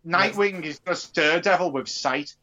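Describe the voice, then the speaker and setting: A man co-hosting a podcast in casual chat, animated and swearing freely. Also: a little high, moderate pace. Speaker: podcast co-host. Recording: dull lo-fi recording.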